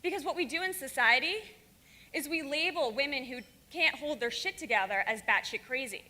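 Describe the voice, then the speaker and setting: A woman's voice: high-pitched, animated, brisk, bright, forceful tone. A woman giving a frank, fiery and profane talk to a live audience in a conference hall. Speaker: conference speaker.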